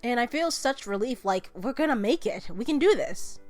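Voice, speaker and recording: A young woman hosting a casual review vlog of musical songs, talking in a playful, jokey, excitable way. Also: on the high side, moderate pace, soft background music.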